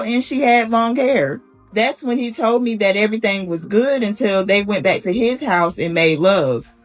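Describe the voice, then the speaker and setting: A speaker recounting a funny story about a brother's date in a steady way. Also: medium pitch. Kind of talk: storytelling monologue.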